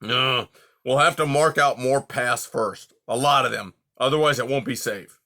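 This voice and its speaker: A man doing a gruff, snappish old porcupine. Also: mid-range voice, normal speed. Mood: grumpy. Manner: gruff, snappish, louder than the narration. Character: grumpy old male porcupine, sharp-tongued.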